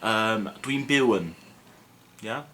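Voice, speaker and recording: A young man teaching a casual video lesson in a relaxed, self-mocking, chatty way with lots of fillers. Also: on the low side, slow pace. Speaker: Welsh language teacher. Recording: faint background noise.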